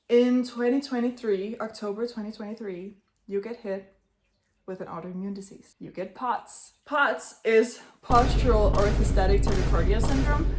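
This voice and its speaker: Chatty, blunt young woman vlogger. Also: fairly high pitch. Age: 20s. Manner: chatty, blunt and swearing, addressing her younger self. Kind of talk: casual chat to camera.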